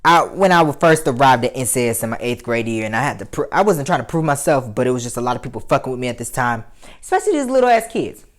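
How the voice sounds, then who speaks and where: A man telling a casual story to his viewers, animated and profane, swinging between loud outbursts and muttered asides. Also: medium pitch, quick pace, few pauses. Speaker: vlogger.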